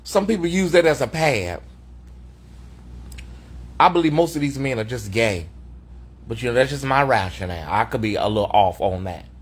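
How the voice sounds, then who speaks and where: A man's voice: medium pitch, animated, moderate pace, pauses often, husky. Sassy, mocking man on a livestream. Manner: sassy and mocking, calls people honey. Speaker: host of a livestream commentary show. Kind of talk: unscripted livestream commentary. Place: hotel room.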